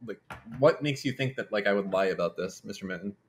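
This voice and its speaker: A man's voice: lowish voice, animated, quick pace, slightly rough. A man chatting casually as a stream guest in a rambling, defensive way. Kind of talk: casual chat.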